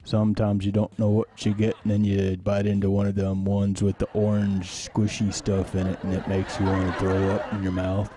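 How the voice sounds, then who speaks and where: A man with an Alabama accent doing an impression of a simple-hearted, slow-talking southern man, over guitar music. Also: on the low side, monotone, a crowd in the background, voice pushed down, close to an everyday voice. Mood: earnest. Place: home studio.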